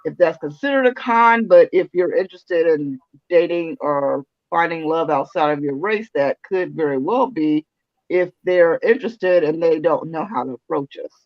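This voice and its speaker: A woman's voice: low-pitched, moderate pace, dry recording. A woman co-hosting a podcast in casual chat, talking hesitantly with many fillers. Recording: dry, dull lo-fi sound.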